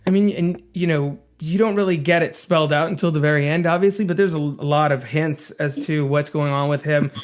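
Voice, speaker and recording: A man's voice: a little high, fairly quick, hardly any pauses. A man co-hosting a casual film podcast, talking thoughtfully with frequent restarts. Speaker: podcast co-host.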